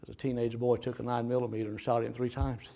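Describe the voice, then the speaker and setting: A man preaching a sermon, telling a folksy story with laughter that turns hushed and grave, with audible gasps between phrases. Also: medium pitch, level tone, fast, gravelly. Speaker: pastor.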